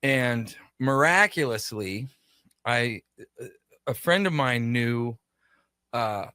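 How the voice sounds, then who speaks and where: A man with a bright, forward voice tells a long story as a radio guest, slipping into the voices of the people he quotes. The sound is dry and close, with no room around him. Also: medium pitch, slow, smooth, dry recording. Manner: animated, acts out quoted dialogue. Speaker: shop owner, guest. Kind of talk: casual storytelling interview.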